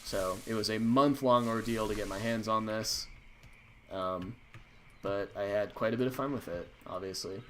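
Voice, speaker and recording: A man's voice: fairly low pitch, moderate pace, slight background noise. A man hosting a livestream, telling a rambling story full of fillers. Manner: rambling, filler-heavy, animated anecdote. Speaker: stream host.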